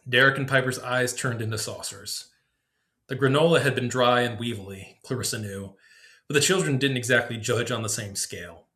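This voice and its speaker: A man hosting a podcast, reading his own story aloud in measured, descriptive narration. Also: medium pitch, bright, forceful tone. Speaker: podcast host.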